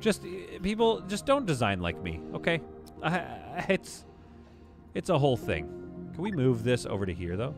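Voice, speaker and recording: A man's voice: mid-range voice, wildly swooping pitch, moderate pace, vocal fry, over music. A man streaming a game live, giving exasperated, self-mocking play-by-play commentary with sudden outbursts.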